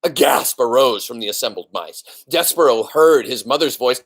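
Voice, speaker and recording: A man reading a children's book aloud in an expressive storytelling voice. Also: medium pitch, normal speed, hardly any pauses. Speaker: reader.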